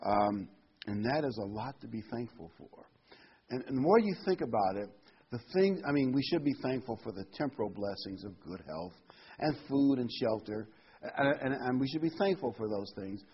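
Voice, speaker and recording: Preacher, male, mid-pitched and husky, emphatic sermon delivery, muffled lo-fi sound. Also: animated, normal speed. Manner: earnest, emphatic, reads scripture aloud with rising stress.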